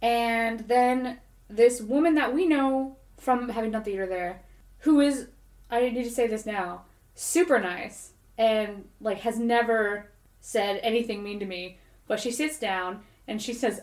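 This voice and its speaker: A woman's voice: on the high side, measured pace. Rambling woman telling a dream, echoey. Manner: rambling, animated storytelling full of "like". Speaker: podcast co-host. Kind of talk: casual chat, telling a dream. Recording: roomy echoey recording.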